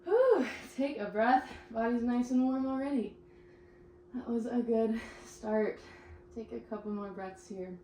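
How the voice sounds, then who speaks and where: Unhurried and on the high side, with little pitch movement and a dark tone, a young woman instructs a pilates class. She encourages the group while getting out of breath doing the moves herself, captured by a distant mic in an echoey room with slight hiss or hum.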